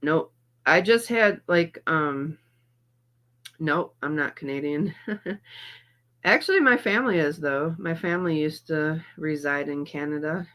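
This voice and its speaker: A woman's voice: low-pitched, unhurried, pauses often, fairly bright tone. A middle-aged woman hosting a livestream, chatting casually and greeting her viewers by name while in some pain and feeling a little off. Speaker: livestream host reacting to videos.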